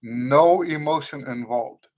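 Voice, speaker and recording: In an unscripted live-stream Q&A, a man teaches trumpet slowly in a mid-range voice. He stays earnest and instructive, emphasizing key phrases through repetition, and reads out viewers' comments as he welcomes them.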